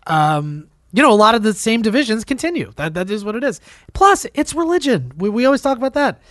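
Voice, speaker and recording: A man's voice: high voice, very animated, brisk, fairly bright tone, no room sound, clean studio sound. A man co-hosting a podcast, chatting casually and bluntly about politics, swearing and laughing often. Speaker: podcast co-host.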